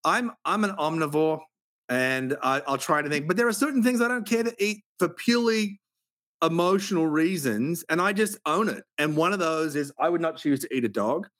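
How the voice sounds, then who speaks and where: A man from Australia, hosting a podcast and musing in a relaxed, reflective way. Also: a little high, a little fast. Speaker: podcast host. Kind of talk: casual conversation.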